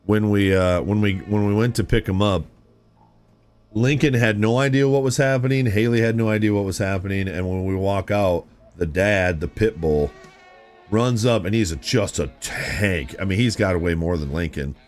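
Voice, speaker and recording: A man's voice: fairly low pitch, moderate pace, soft background music. A man chatting casually with viewers on a gaming live stream, rambling through stories and blurting out reactions. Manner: animated, rambling storyteller who blurts out reactions.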